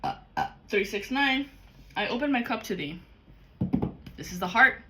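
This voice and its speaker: Bright-voiced, profane woman reading tarot. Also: on the high side, very animated, normal speed. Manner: blunt and profane; talks directly to the viewer. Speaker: tarot card reader. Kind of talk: casual spiritual card reading.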